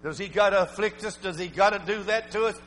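A middle-aged man preaching a sermon in plain folksy speech, drifting from hushed storytelling to shouted exhortation. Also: high voice, fast. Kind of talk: fiery sermon. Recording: long hall reverb.

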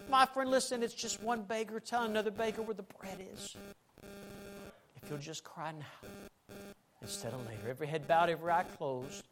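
Man, fervent preacher, altar call, loud to hushed, piano behind. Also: high-pitched, normal speed, creaky, low-quality recording. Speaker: pastor.

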